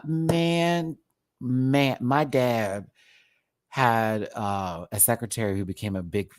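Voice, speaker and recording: A man giving an animated, casual review of a TV show, breaking into mock voices. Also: deep voice, no echo. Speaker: drag race reviewer.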